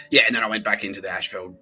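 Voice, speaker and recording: A man's voice: lowish voice, pushed and bright. A man hosting a podcast, telling a rambling, profane story and slipping into mocking whispers and put-on voices. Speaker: podcast host. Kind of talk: rambling monologue.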